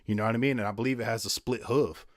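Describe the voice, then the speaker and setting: A man's voice: mid-range voice, fairly even intonation, very fast, no room sound, studio quality. A man teaching the Bible in a casual video, rambling and conversational with many asides and fillers. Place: at home with his wife behind the camera.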